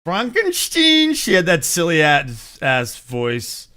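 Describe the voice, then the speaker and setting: Rambling bright-voiced man host. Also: a little high, animated, takes it slowly, clear, resonant tone. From United States. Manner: rambling, swearing, laughs at own jokes. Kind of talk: casual entertainment news chat.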